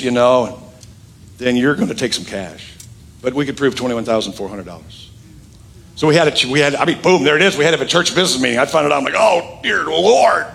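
A middle-aged man preaching a sermon as pastor, telling stories with big swings in his voice and joking with the congregation. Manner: lively storytelling with big pitch swings and asides; calls on the congregation to repeat lines. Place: church sanctuary with congregation.

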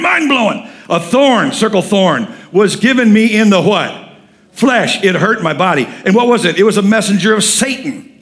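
High-voiced, folksy preacher man. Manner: animated, folksy, quizzes the congregation. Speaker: pastor. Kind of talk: sermon. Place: church sanctuary.

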